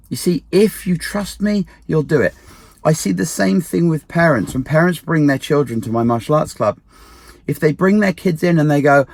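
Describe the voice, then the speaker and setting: Male dog trainer, slightly high voice, dry close sound, emphatic advice talk. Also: animated, moderate pace, no room sound. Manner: emphatic, acts out quoted people. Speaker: dog trainer and martial arts instructor. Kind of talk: casual advice monologue.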